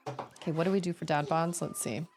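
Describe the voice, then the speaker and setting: A woman's voice: low-pitched, fairly even intonation, fairly quick, a little mellow, soft background music. A woman streaming a video game, chatting in a rambling, exclamatory way while she plays. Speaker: gaming streamer. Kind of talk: casual chat while playing.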